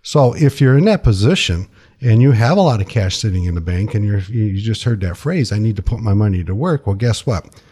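A man with a husky, somewhat low voice talks money in a relaxed, folksy way on a radio show. He restarts phrases and repeats words as he explains. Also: brisk. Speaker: financial advisor guest. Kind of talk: casual radio talk.

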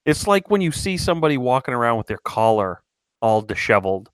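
A man co-hosting a casual podcast, with wry, deadpan humor as he steers the conversation. His voice sits at an ordinary middle pitch. The sound is dry and close to the mic. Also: fairly quick, clear, resonant tone, no echo. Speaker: podcast co-host. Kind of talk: casual banter.

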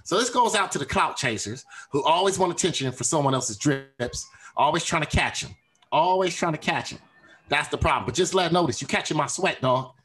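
A man's voice: on the high side, animated, fairly quick, a bit bright. A man co-hosting a podcast, ranting bluntly and animatedly with swearing. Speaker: podcast co-host. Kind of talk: casual podcast rant.

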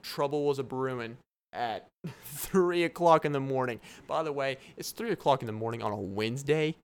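A man's voice: mid-range voice, clear, resonant tone. A young man hosting his own podcast, rambling through stories with lots of fillers and laughs. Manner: rambling, animated storytelling with frequent laughs and fillers. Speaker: podcast host.

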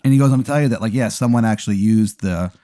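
A man's voice: on the low side, quick pace, warm tone, dry recording, studio quality. Rambling man narrating a game. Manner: rambling, laughing, lots of fillers. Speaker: game master. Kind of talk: improvised tabletop narration.

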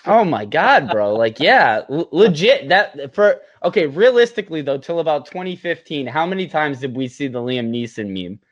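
A young man co-hosting a podcast, chatting casually about a film, animated and profane, with lots of swings in his voice. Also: fairly high pitch, moderate pace, few pauses, lo-fi sound. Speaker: podcast co-host. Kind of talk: casual film-review chat.

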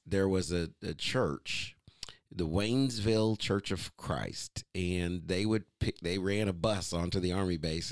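Deep-voiced male guest, easygoing storyteller, dry close sound. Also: no echo. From United States. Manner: easygoing, laughs while telling stories. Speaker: musician guest. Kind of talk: casual storytelling interview.

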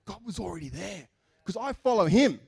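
A man's voice: high voice, a little fast, vocal fry, slightly rough. A man preaching a sermon in a chatty, joking way, acting out the people in his stories. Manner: animated, chatty, jokes and acts out quotes. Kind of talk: sermon with storytelling.

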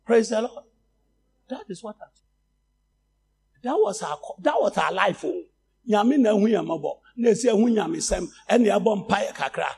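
A male preacher with a Ghanaian accent delivering a sermon, a Twi speaker who swings from calm talk to loud shouted exhortation. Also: high voice, moderate pace, vocal fry, pauses often, a little hiss or hum. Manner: switches between English and Twi, rising to shouts.

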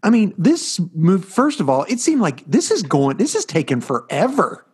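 A middle-aged man co-hosting a casual chat podcast, telling stories in an animated, rambling way. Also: high-pitched, moderate pace, breathy edge. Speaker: podcast co-host.

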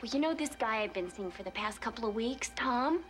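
A woman's voice: on the high side, lively intonation, brisk, close to an everyday voice. A woman playing a bubbly naive roommate. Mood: giddy. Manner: bubbly, oblivious. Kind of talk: TV drama acting. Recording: TV clip with music behind.

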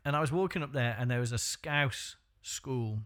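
A man's voice: mid-range voice, normal speed, fairly bright tone. A man from Wales, hosting a casual podcast chat and joking with a ready laugh. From North Wales. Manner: jokey, laughs often, self-mocking. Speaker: podcast host. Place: small studio.

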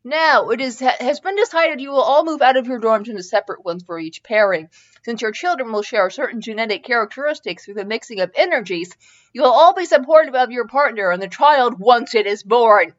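A woman voicing a calm, grave old male wizard headmaster who speaks in a slow, measured way. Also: fairly high pitch, highs cut off, pitched above the performer's own voice, natural voice.

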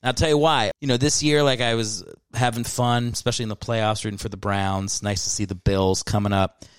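Male solo podcaster, low-ish voice, loose profane rants, dry booth sound. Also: a little fast, clean tone, no room sound. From Philadelphia area. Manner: animated, profane, rambling with self-mocking asides. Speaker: podcast host. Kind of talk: casual solo podcast rant.

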